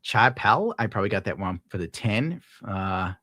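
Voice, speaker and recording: A man's voice: on the low side, very animated, normal speed, pushed and bright, dry recording. A young man streaming, casually ranting and reading donations, profane and rambling. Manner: profane, rambling, laid-back. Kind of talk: casual rant to viewers.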